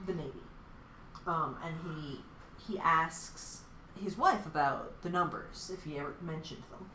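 Woman co-host, lowish voice, lively and self-mocking, recorded in an echoey room with faint noise. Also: unhurried. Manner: animated, self-mocking, laughs often. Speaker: podcast co-host. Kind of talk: casual chat recapping a TV episode.

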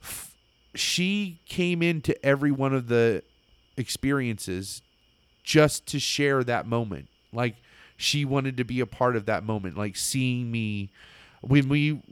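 Excitable rambling man, smooth voice. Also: mid-range voice, a little slow, no echo. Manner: excitable, rambling, filler-heavy storytelling. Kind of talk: casual chat.

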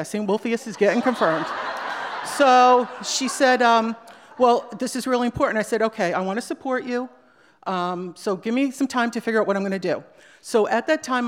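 A middle-aged woman telling a personal story to a live audience, animated and acting out the people she quotes. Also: a little high. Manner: animated, acts out quoted voices. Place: small hall with a live audience. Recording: long hall reverb.

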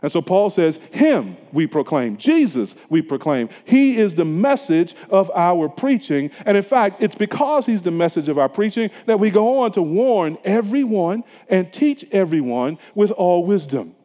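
A man's voice: high-pitched, animated, normal speed, hardly any pauses. Man preaching in an echoey hall. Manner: earnest preaching, hushed at solemn peaks, rising with emphasis. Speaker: pastor. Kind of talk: sermon. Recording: echoey church hall, dull lo-fi sound.

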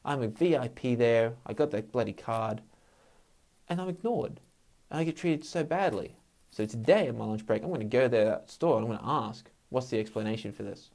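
A man's voice: mid-range voice, animated, brisk, creaky, darkish tone. Swearing man venting. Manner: heavy swearing, frank; worked-up, venting frustration. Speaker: podcast host. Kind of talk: casual solo monologue.

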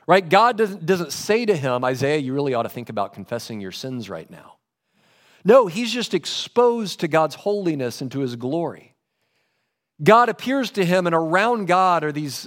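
A man preaching a sermon, lively in delivery, dropping low and soft when quoting scripture. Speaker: pastor.

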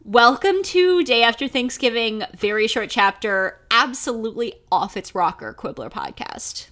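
A young woman co-hosting a podcast, chatting in an animated, profane, joking way and slipping into silly voices. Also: fairly high pitch, moderate pace. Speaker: podcast co-host. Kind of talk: casual comedic chat.

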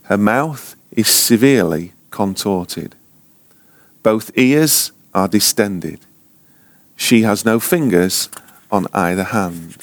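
A man with a lowish voice tells a sermon story at an unhurried pace. His pitch rises and falls widely as he leans into the drama, and at times his voice drops to a hushed near-whisper. The sound is close and dry. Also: no echo. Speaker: ministry school teacher.

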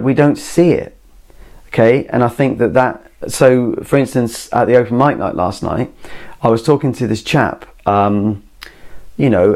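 A man's voice: mid-range voice, gravelly, a little mellow. A man recording himself in a garden shed, talking his way through ideas in a meandering, casual monologue full of "you know" and "like". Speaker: solo podcast host. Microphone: camera mic.

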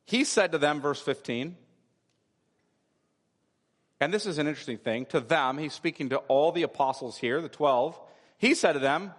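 High-pitched guy preaching in a church, big echoey hall, really leans on the emphasis. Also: lively intonation, normal speed, long pauses. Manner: expository preaching, emphatic and repetitive. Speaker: pastor. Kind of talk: sermon. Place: church sanctuary. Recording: long hall reverb.

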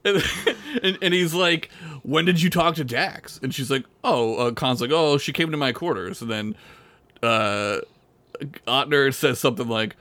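A man's voice: medium pitch, expressive, a little slow, a bit bright, no room sound. A man co-hosting a casual podcast, riffing with crude jokes and laughing easily. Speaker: podcast co-host. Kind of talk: casual comedic recap chat.

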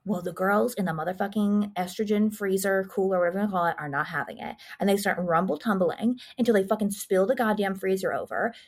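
A woman co-hosting a podcast, recapping a horror film in a profane, rambling, animated way. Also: medium pitch, quick pace, hardly any pauses. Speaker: podcast co-host. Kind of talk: casual horror movie recap.

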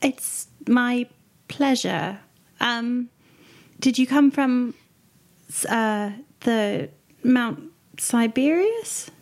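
Player: woman, higher voice, gentle and hesitant in character. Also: lively intonation, very slow. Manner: gentle and hesitant, many fillers. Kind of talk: in-character tabletop role-play.

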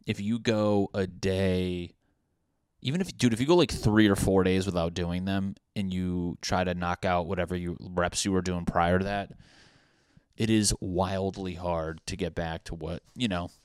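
A man's voice: sits low, steady tone, a little slow, a little mellow, clean tone, no echo, studio quality. A young man hosting a podcast, ranting casually in a rambling, profane, self-mocking way. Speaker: podcast host. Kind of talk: casual comedic rant.

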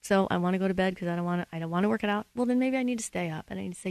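A woman's voice: mid-range voice, rapid-fire, hardly any pauses, no echo. Earnest woman radio advice host. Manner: earnest, steady, teacherly. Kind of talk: Christian relationship advice talk.

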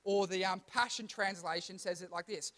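High-voiced chatty man preaching to kids. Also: steady tone, normal speed, fairly bright tone. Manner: chatty, self-deprecating, stumbles and restarts, asks the room questions. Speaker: youth pastor. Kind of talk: casual sermon to kids.

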